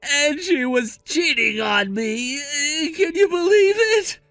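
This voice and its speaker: A man's voice: very high voice, expressive, slow pace, vocal fry, a bit bright, no room sound, clean studio sound, soft background music, voice pushed up, exaggerated voice. A man doing a whiny selfish brother. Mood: frantic. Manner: petulant and pushy. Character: selfish, whiny grown man demanding his way.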